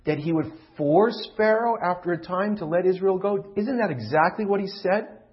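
A middle-aged man preaching a sermon as a pastor, moving from loud pleading questions to hushed, confiding tones. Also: sits high, moderate pace. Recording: dull lo-fi recording.

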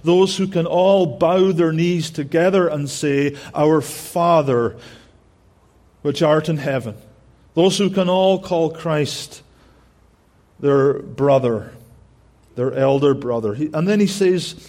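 Guy preaching a sermon, slow and earnest, kinda high voice, keeps restarting and repeating himself. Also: a little mellow. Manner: repeats phrases for emphasis. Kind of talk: expository sermon.

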